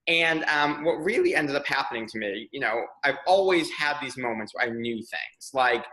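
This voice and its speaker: A young man in casual conversation, telling personal stories with a bright, forceful ring to his voice. He speeds up and lifts his voice when a moment excites him. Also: on the high side, moderate pace, hardly any pauses, poor audio. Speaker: podcast guest, PR consultant. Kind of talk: candid conversational storytelling.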